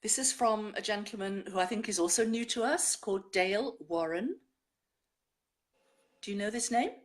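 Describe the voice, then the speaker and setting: A woman presenting a show, chatting and reading listeners' poems aloud in a measured way. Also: medium pitch, animated.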